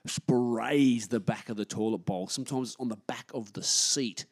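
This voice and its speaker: A man with an Australian accent hosting a podcast on his own, ranting casually and bluntly, swearing a lot and getting loud when annoyed. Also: mid-range voice, normal speed. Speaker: podcast host. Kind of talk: casual solo rant.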